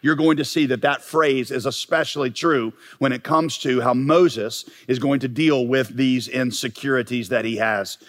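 A man preaching a sermon as pastor, emphatic and building to forceful peaks. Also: mid-range voice, steady tone, normal speed, hardly any pauses. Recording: long reverb of a large hall.

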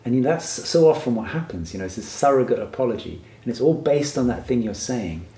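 A man's voice: medium pitch, animated, fast, warm tone, reverberant. A man who works as a workshop facilitator tells a personal story in an earnest, reflective way and often checks in with "right?".

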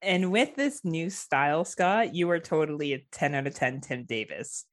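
A woman from Ontario, Canada, with a low-sitting voice, lively intonation and normal speed hosts a horror podcast. She chats casually, laughing often and swearing freely.

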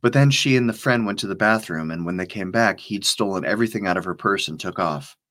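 Casting: man doing a brisk, winded female spy, low voice. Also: a bit bright. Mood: explaining. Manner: brisk, matter-of-fact. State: out of breath. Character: tough young female field operative, blunt.

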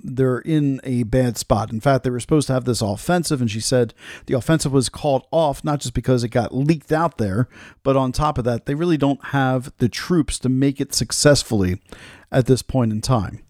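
A man's voice: mid-range voice, a little mellow, no echo. Male host, loose chatty commentary, dry unroomy mic. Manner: casual, chatty, with fillers. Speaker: podcast host.

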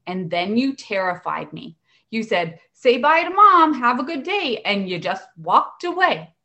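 A woman in her thirties, an educational assistant, telling lively stories about her work and acting out the voices of the people in them. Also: on the low side. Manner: animated, acts out voices in anecdotes. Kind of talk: casual storytelling.

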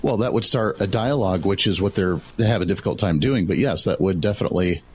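A laid-back man with a fairly low voice, chatting as a guest on a radio show. Faint noise sits behind him. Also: fast, darkish tone. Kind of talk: casual radio chat.

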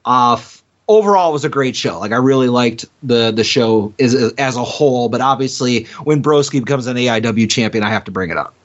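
A man's voice: mid-range voice, fairly quick. Rambling, laughing man on a lo-fi podcast. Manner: rambling storyteller, laughs between points. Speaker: podcast co-host. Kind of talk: casual chat.

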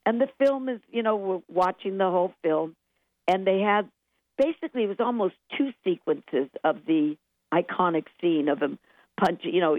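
An older woman, a songwriter being interviewed, telling animated anecdotes and acting out what people said, laughing often. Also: on the low side, vocal fry, no echo. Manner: lively anecdotes, acts out quotes, laughs often. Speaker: guest songwriter. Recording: tinny phone line, dry.

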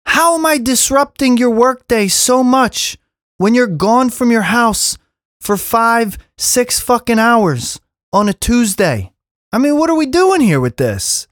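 A man's voice: extremely high pitch, slow, no room sound, clean studio sound. A man in his thirties hosting a solo podcast, ranting casually and swearing often. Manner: animated, profane, ranting. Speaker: podcast host.

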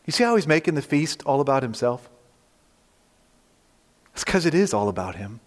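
A male pastor preaching a sermon, animated, rising loud on quoted words and turning to the congregation with conversational asides. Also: medium pitch, normal speed, in a large hall.

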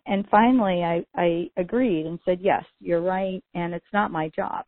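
A woman's voice: on the low side, moderate pace, dry recording. A middle-aged woman co-hosting a podcast, telling stories in a chatty way with lots of "you know" fillers. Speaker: podcast co-host. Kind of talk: casual podcast conversation. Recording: dry, phone-like narrow sound.

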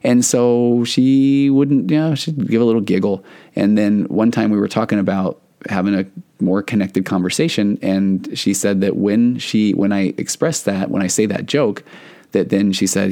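A man's voice: fairly low pitch, normal speed, dark tone. A man hosting a podcast as a therapist, telling stories in an earnest, reflective way and acting out the dialogue he quotes. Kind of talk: casual podcast monologue.

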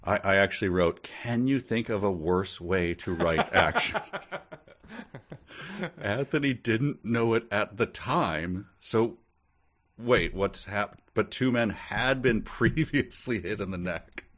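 Low-voiced man with dry asides. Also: expressive, slow pace, fairly bright tone. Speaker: podcast co-host. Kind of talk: casual chat, reading a book aloud.

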